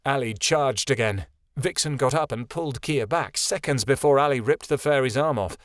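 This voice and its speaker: Man, audiobook narrator, measured, mid pitch, dry close sound. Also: dry recording. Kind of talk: scripted narration.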